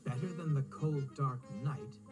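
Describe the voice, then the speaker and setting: A man voicing a small, sensible male tank engine in a storybook reading, calm and reassuring, with music underneath. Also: mid-range voice, unhurried, low-quality recording.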